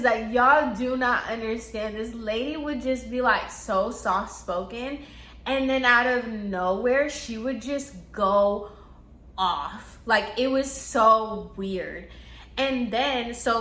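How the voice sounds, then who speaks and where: A woman's voice: on the high side, bright, forceful tone. A woman telling a casual storytime about a coworker, chatty and full of fillers. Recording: echoey room.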